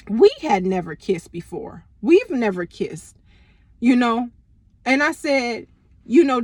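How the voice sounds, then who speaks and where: A young woman casually telling a personal story to camera, animated and full of profanity and slang. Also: on the high side, dry recording. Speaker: storytime vlogger.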